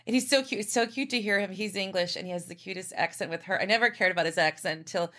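A woman's voice: medium pitch, fast, sharp tone. A woman guest on a podcast, talking in a chatty, effusive way with lots of fillers. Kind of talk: casual chat.

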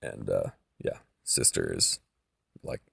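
Gravelly deep-voiced man recapping a story. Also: takes it slowly, bright, forceful tone, no room sound, clean studio sound. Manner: loose and profane, heavy on fillers.

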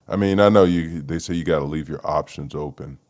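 Podcast host, male, extremely low voice, low-energy profane solo rambler. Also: fairly quick, a little mellow. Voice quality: profane, rambling, laughs often. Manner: low-energy, mumbling, trailing off. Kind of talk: solo casual rant.

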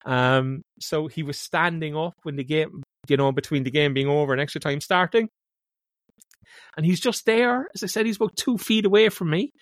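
A man with a Cork Irish accent tells an animated story on a podcast. He keeps slipping in filler as he goes. The sound is dry and close. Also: a little high, dry recording. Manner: animated anecdote with lots of filler "like, you know". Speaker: podcast co-host. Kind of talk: casual storytelling chat.

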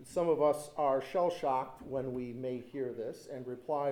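A man's voice: mid-range voice, unhurried, few pauses, darkish tone. A man preaching a sermon as pastor, telling stories with animation and repeating lines for emphasis.

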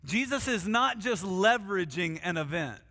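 A male pastor delivers a sermon in a high, bright voice. He speaks earnestly and with emphasis, slowing right down on the words he wants to land. His voice rings out with a long reverb, as if filling a big hall. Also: expressive. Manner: earnest, emphatic, slows down to stress key words.

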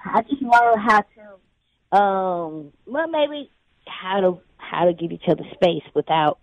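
A woman with an animated, medium-pitched voice speaks slowly as a guest calling in by phone, on a dry, tinny line. She chats casually in a relaxed, rambling interview and laughs often.

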